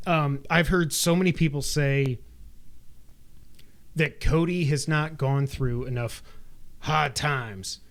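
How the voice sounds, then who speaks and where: A man on a podcast in casual chat, rambling and animated with lots of filler words. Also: a little high, takes it slowly, long pauses. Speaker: podcast co-host. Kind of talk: casual podcast chat about games and wrestling.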